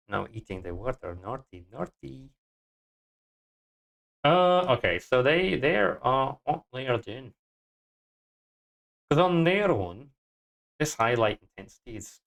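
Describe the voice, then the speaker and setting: A game developer talks through his code on a live stream in a put-on Scottish accent. He mutters to himself, cusses freely and bursts out loud when things go wrong. His pitch sits in an ordinary middle range. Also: gravelly. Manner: mutters to himself, swears, sudden excited outbursts. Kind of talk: live-coding stream, thinking aloud.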